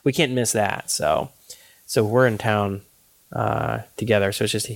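A man's voice: on the low side, a little slow, gravelly. A man, a father of young kids, co-hosting a casual chat and telling stories, acting out the quotes in them. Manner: animated storyteller who acts out quotes. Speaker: podcast co-host.

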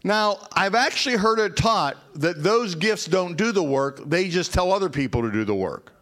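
Male pastor preaching at a conference, high voice, animated, gets the crowd to repeat lines. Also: normal speed. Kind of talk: conference sermon. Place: conference hall.

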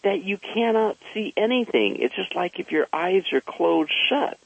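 Man doing an eager small boy in a told story: pitched up, gravelly edge, dull lo-fi sound. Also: animated, a little slow, no room sound, full character voice. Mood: curious. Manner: bright, high and eager. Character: eager excited three-year-old boy. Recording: slightly dull lo-fi recording.

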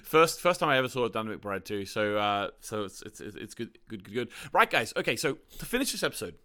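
Give me a chatty podcast host in his thirties with a bright, forceful voice. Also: on the low side, sing-song, brisk. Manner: chatty, laughing, many restarts. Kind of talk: casual podcast chat.

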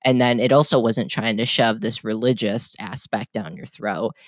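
A man's voice: fairly low pitch, fairly even intonation, moderate pace, dry recording. A man co-hosting a casual film discussion, chatty and opinionated, with frequent fillers and restarts. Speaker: podcast co-host.

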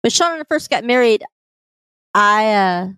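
A woman with a Texan accent, co-hosting a casual podcast and telling stories in a chatty, quick way. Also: a little high, lively intonation, fairly bright tone, clean tone, dry recording. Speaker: podcast co-host.

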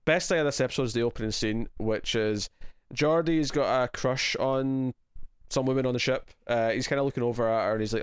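A man with a Scottish accent co-hosting a casual chat about a TV episode, animated and laughing often, with lots of restarts. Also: mid-range voice, fairly quick, clear, resonant tone, no room sound, clean studio sound. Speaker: podcast co-host.

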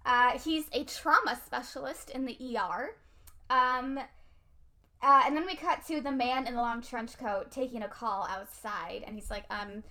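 A woman's voice: on the high side, unhurried, bright, forceful tone. A young woman casually recapping a movie in a chatty way, laughing often and saying "like" a lot.

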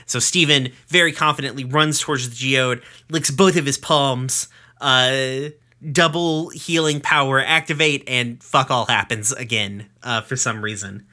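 A man's voice: mid-range voice, bright, forceful tone. A man hosting a podcast, casually recapping a cartoon episode with swearing and jokes. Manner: swearing, jokey recap with quick acted quotes. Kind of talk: casual chat.

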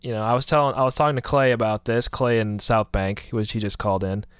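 A man hosting a talk radio show, laid-back and teasing. His voice is smooth and resonant, recorded dry and close to the mic. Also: on the low side, steady tone, quick pace, no room sound. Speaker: radio host. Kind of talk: casual talk radio chat.

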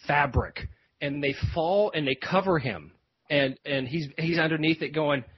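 A man's voice: a little high, moderate pace, slightly rough. A man hosting a podcast, telling a rambling story with lots of fillers and restarts. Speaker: podcast host. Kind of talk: casual storytelling. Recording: dull lo-fi podcast audio.

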